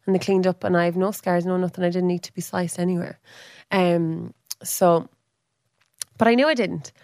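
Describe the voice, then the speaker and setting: A woman's voice: steady tone, moderate pace, darkish tone, no echo, studio quality. A woman, chatting as a guest and telling a personal story, acting out what people said with big jumps in her voice. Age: 30s. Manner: chatty, acts out quoted speech with big pitch jumps. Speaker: podcast guest. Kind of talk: casual storytelling.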